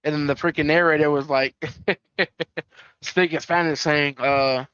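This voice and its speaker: Man streaming, casual comic reaction, chatty, smooth voice, slightly high, dry dull mic. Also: fairly even intonation, a little slow, long pauses, pushed and bright, no echo.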